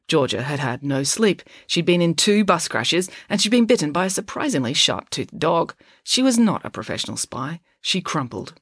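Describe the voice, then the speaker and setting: Husky, expressive woman storyteller. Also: deep voice, moderate pace, hardly any pauses, dry recording, clean studio sound. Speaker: author and narrator. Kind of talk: audiobook-style story reading.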